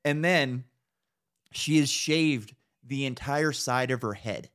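A man's voice: medium pitch, slow, a bit bright. A man co-hosting a podcast, telling stories in a profane, ranting way in casual chat. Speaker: podcast co-host.

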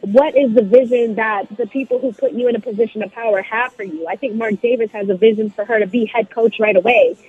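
A woman's voice: fairly high pitch, steady tone, fairly quick, few pauses, slightly rough, no room sound. A woman sports reporter giving confident, analytical comments in a phone interview. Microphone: phone line. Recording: tinny phone line.

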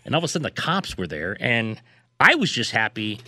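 A man's voice: mid-range voice, dry recording. A man co-hosting a sports talk show, telling stories and ranting animatedly. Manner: animated storyteller, quick to rant. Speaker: sports radio co-host. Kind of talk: casual sports chat.

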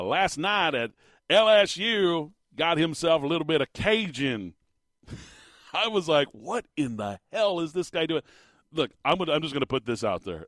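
A man's voice: mid-range voice, a bit bright, dry recording. A man hosting a sports talk radio show, giving his opinions in a casual, conversational way with frequent fillers. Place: radio studio. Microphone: studio microphone.

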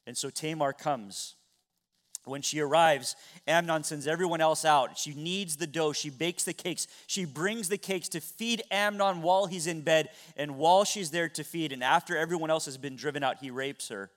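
A man pastor preaching a sermon, retelling a story with dramatic swings between loud and soft. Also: on the high side, normal speed.

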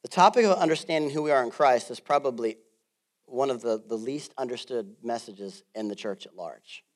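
A male pastor preaching a sermon in a casual, jokey way, swinging from loud bursts to quiet asides. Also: mid-range voice, normal speed. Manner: animated, swings between loud and soft.

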